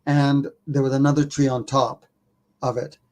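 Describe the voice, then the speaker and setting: A man, a documentary filmmaker, telling a story as a podcast guest in a casual, animated way, poking fun at himself and swearing offhandedly. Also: mid-range voice, normal speed.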